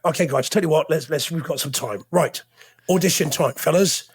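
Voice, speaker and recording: A man's voice: fairly high pitch, moderate pace, slightly rough. A man with an English accent, co-hosting a casual podcast chat, telling a story and teasing his co-hosts, with a cough. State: has a cough. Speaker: podcast co-host.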